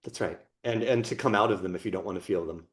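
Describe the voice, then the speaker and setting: A man co-hosting a podcast, talking expansively about performance training and emotions in a relaxed conversational way. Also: low-pitched, fast talker. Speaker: podcast co-host.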